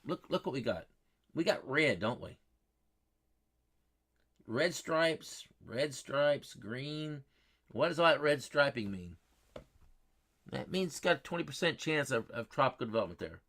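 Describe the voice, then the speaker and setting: Man, weather stream host, folksy, repetitive, mid-pitched voice, chatting with viewers. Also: lively intonation, a little slow, long pauses, fairly bright tone. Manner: folksy, repetitive, quizzes his chat.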